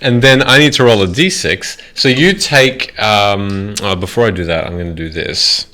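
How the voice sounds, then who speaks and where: A man narrating as game master of a tabletop game, describing the action in halting, restarting phrases. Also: fairly low pitch, sharp tone.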